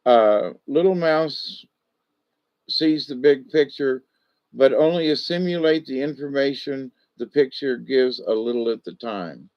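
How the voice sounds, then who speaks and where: A man's voice: medium pitch, a little slow. A man giving casual spiritual animal card readings in a drawling, folksy way, chuckling often, with a dull lo-fi sound.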